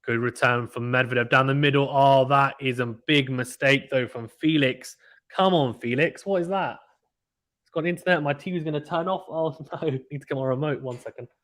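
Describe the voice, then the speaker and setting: A man giving casual, excitable play-by-play commentary of a tennis match from home, chatting with viewers between points. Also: medium pitch, brisk. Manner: chatty, excitable, reacts loudly to misses. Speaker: live stream commentator.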